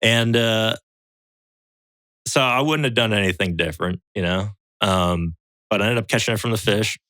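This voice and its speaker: Low-voiced man telling a story. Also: moderate pace, no room sound. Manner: animated storyteller acting out quotes in raised voices; swears freely. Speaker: podcast guest, survival show veteran. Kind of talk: casual storytelling chat.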